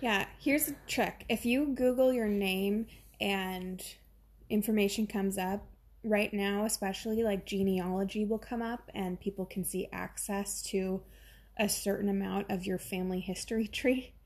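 A woman co-hosting a podcast in casual chat, chatty, acting out little scenes in quick voices. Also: medium pitch, steady tone, a little mellow. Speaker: podcast co-host.

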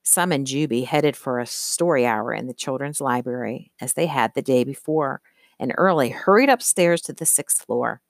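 An audiobook narrator reading a children's story in a steady, even manner. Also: medium pitch, normal speed, gravelly, dry recording, studio quality. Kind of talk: scripted narration.

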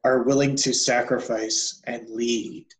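A man hosting a relaxed chat, halting and reaching for words as he talks. His voice rings in an echoey room. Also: medium pitch. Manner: hesitant, searching for words with many "like" fillers. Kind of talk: casual conversation.

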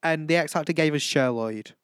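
A man's voice: fairly high pitch, brisk, fairly bright tone, clean tone, dry recording. A teenage young man hosting a casual chat, gushing and camp, who keeps breaking into impressions. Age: teens. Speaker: vlog host.

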